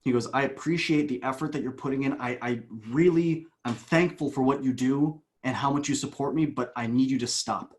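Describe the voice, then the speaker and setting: A man, a coach, telling a long story as a podcast guest, with animated bursts and hushed asides. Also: mid-range voice, a little fast, hardly any pauses.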